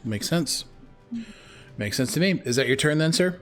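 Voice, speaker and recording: A man acting as game master on a video call, relaxed and affirming as he runs turns. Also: on the high side, soft background music. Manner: relaxed, affirming, quick to say okay. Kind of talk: running a tabletop game.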